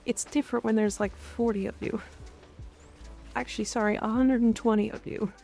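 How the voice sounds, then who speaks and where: A woman's voice: a little high, steady tone, moderate pace, creaky, dark tone, faint music behind. A woman streamer chatting playfully with her viewers in a casual live stream.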